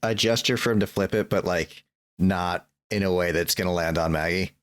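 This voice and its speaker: A man's voice: low-pitched, normal speed, fairly bright tone, clean tone. A man playing in a tabletop game, making wry jokes in casual chat. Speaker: player.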